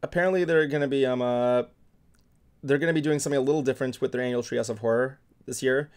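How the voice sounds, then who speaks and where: A man's voice: mid-range voice, steady tone, fast, a little mellow, smooth. Podcast host, male, chatty and loose, lots of ums. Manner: chatty, many ums and restarts. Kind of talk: casual chat.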